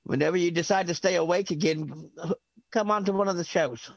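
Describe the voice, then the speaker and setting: Husky-voiced, effusive male show host. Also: high-pitched, brisk, dry recording, muffled recording. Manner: effusive, emotional, laughing often. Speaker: host of a comedy benefit show. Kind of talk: hosting an online benefit show. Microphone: video call.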